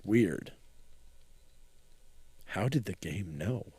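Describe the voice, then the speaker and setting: A man's voice: low voice, lively intonation, extremely slow, warm tone, husky, no room sound. A man co-hosting a podcast, casually recapping a horror movie, laughing often and trailing off mid-thought. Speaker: podcast co-host.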